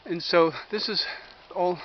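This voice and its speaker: A middle-aged man talking earnestly about spiritual things while hiking up a wooded trail, short of breath, with halting restarts, recorded on a handheld camera. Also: high-pitched, steady tone, lo-fi sound, background noise. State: out of breath from climbing. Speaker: vlogger. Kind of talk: rambling walk-and-talk vlog. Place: outdoors on a wooded hillside trail. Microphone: handheld camera while walking.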